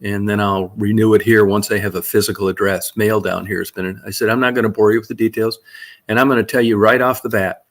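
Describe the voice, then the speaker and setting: Male vlogger, lower-pitched voice, blunt and profane, casual storytelling. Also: fairly even intonation, quick pace. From Michigan.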